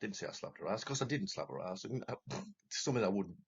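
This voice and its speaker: Low husky man, rambling and agitated. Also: lively intonation, quick pace. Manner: rambling, agitated, heavy swearing and restarts. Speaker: former talent show contestant telling his story. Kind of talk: unscripted monologue to camera. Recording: lo-fi, dull recording.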